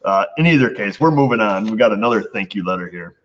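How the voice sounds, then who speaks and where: A man's voice: fairly low pitch, animated, quick pace. A middle-aged man from New York State, a shop owner chatting casually to his viewers, rambling and laughing at his own stories. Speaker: auto shop owner, channel host. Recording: dull lo-fi sound with faint background noise.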